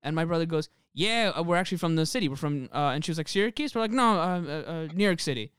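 A man's voice: a little high, fast, clean tone, dry recording, clean studio sound. A young man telling a story in casual comedic chat, acting out the voices of the people in it. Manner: animated storyteller, acts out voices. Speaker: podcast co-host.

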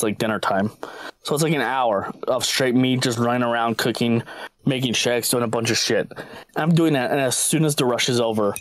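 A man's voice: mid-range voice, no echo, low-quality recording. A man on a casual podcast, telling a crude work story full of profanity and laughter. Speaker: podcast co-host.

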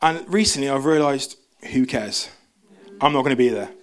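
A young man preaching a casual sermon in church, chatty and self-interrupting, acting out quoted voices in a raised pitch. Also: moderate pace.

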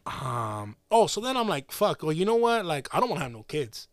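A young man spinning a crude, profane story, his pitch bouncing all over as he acts out each exchange. The recording is dry and close, with no room sound. He laughs through his lines and leans on slang. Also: sing-song, fairly quick, no room sound. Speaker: podcast co-host.

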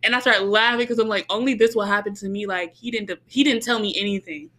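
A young woman casually telling a story, animated and laughing often as she acts out her own reactions, with lots of "like" and "bro". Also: mid-range voice, fast. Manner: heavy use of "like" and "bro".

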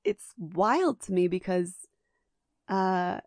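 A podcast co-host with a fairly low, gravelly voice talks through a favorite film in a chatty, enthusiastic way, restarting her sentences as her thoughts run ahead. The recording is dry and close, with no room sound. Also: very animated, slow pace, a little mellow, no room sound. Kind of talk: casual film discussion.

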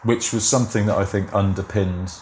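A middle-aged man, a television script editor, chatting as a guest and telling lively anecdotes with laughter. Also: lowish voice, a little fast, roomy sound, a little hiss or hum. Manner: chatty anecdotes, acts out quoted voices, frequent laughs. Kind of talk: casual conversational interview.

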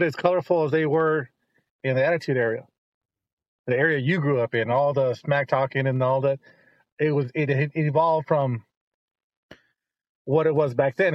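The host's father, a middle-aged man, tells long rambling stories in casual conversation, becoming animated whenever he quotes others. His voice is a little high, and the recording is dry and dull.

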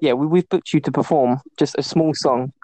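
A young man chats as the host of a podcast, bouncing through anecdotes, quick to laugh and to mimic whoever is in the story. His voice sits a little high but has a soft, mellow tone, and the recording is close and dry. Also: dry recording. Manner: animated storyteller, laughing often, acting out voices. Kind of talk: casual chat.

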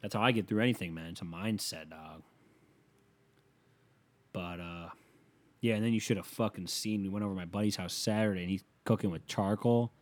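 A man hosting a show, delivering a casual comedic rant that is profane and exasperated, with loud emphatic outbursts. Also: sits low, brisk, long pauses.

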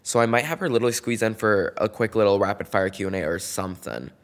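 A young man with a lowish voice hosts a casual podcast on his own. He talks in a campy, gossipy way, jumping from loud outbursts to quiet asides. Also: fast talker. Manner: animated, swings between loud bursts and soft asides. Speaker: podcast host. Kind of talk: casual solo podcast chat.

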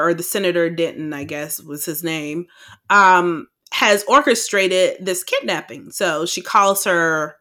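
A woman co-hosting a podcast, recapping a film in casual chat, animated and profane, acting out her own reactions. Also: lowish voice. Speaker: podcast co-host.

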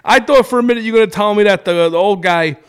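A man's voice: high voice, quick pace, clean tone. A man, a podcast guest, chatting casually, joking around and rambling with lots of fillers. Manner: joking, rambling, fillers, talks over the host. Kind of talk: casual chat.

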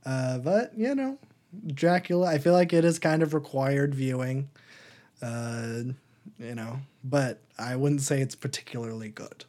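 A young man rambles through a casual movie chat on a podcast, full of ums and likes. He keeps slipping into a high mocking voice to act out lines. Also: a little slow, dark tone. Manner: rambling, lots of fillers, acts out silly quotes in a high voice. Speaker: podcast co-host.

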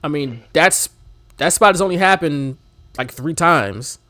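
A man co-hosting a casual wrestling chat, animated, laughing often and shouting out imitations of commentators. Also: a little high, a little slow, dry recording. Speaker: podcast co-host.

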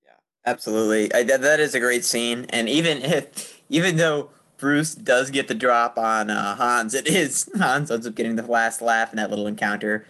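A man of middle pitch talks casually and eagerly, hopping between scenes and fun facts. His delivery is loose and conversational, with frequent fillers. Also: normal speed, pushed and bright. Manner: enthusiastic, chatty, shares trivia. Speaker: podcast co-host discussing a film.

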